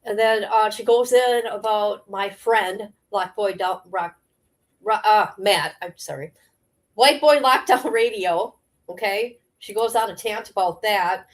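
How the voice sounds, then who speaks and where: A live streamer, a woman with a medium-pitched voice and a slightly slow delivery, rants at her viewers. Her monologue is confrontational and rambling, packed with fillers and repeated challenges.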